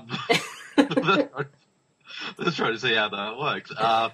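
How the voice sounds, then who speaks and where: A man's voice: mid-range voice, lively intonation, drawn-out words, a bit bright, muffled recording, a little hiss or hum. A man with an Australian accent co-hosting a podcast, joking and laughing easily in casual chat. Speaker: podcast co-host.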